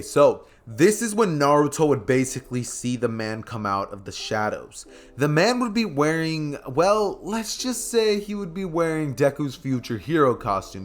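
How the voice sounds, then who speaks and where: A man telling a fan story to his viewers in a loose, chatty way, full of fillers and asides. His voice sits at a middle pitch, relaxed and conversational. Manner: rambling, filler-heavy, chatty. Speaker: YouTube storyteller. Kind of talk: casual fan-story narration.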